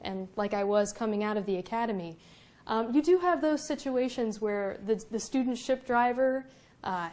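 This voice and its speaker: Young woman lecturer, slightly high voice, lively storyteller, pokes fun at herself. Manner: lively storytelling with self-mocking humor. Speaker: Coast Guard officer giving a public lecture. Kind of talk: public lecture with anecdotes. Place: museum lecture room.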